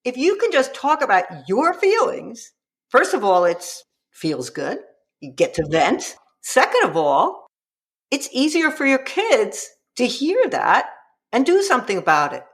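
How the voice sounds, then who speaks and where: A woman's voice: medium pitch, very animated, unhurried, a bit bright. A woman guest author explaining her advice in a casual interview, quoting parents and children as she goes. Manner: explanatory, vividly quotes parents and kids.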